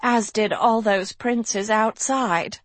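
A woman reading an audiobook, voicing a gentle, fretful older female professor who speaks softly with sighs. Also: mid-range voice, steady tone, slow, no echo, voice pushed up. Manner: soft, sighing, a little airy.

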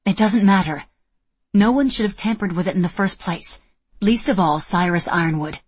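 A woman's voice: mid-range voice, moderate pace, a little mellow, breathy edge, no room sound, natural voice. A woman voicing a determined young woman under fire, speaking tersely and urgently. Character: tense determined young woman time traveler.

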